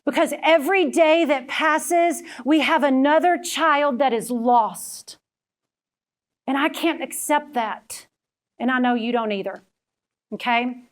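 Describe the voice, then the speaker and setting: A woman's voice: high voice, takes it slowly. A middle-aged woman giving a motivational talk, telling personal stories and calling the audience "friends.". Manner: storytelling, addresses audience as friends. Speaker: keynote speaker.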